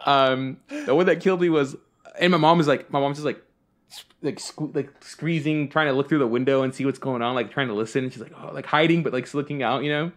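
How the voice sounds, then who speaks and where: A man's voice: medium pitch, fairly quick. A man hosting a podcast, chatting casually and telling rambling stories full of fillers and swearing. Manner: rambling storyteller, swears freely, many fillers. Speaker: podcast host. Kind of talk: casual chat.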